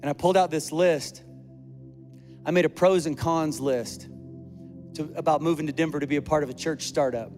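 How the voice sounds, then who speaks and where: A man's voice: a little high, steady tone, moderate pace, long pauses, a little mellow. A male pastor preaching a sermon in a chatty storytelling way, acting out the dialogue he quotes. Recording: long hall reverb with faint music.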